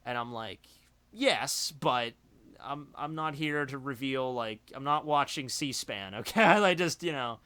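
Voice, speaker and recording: A man's voice: medium pitch, a little slow, pushed and bright, clean tone. A young man hosting a livestream, chatting casually and rambling with lots of filler words. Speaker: streamer host.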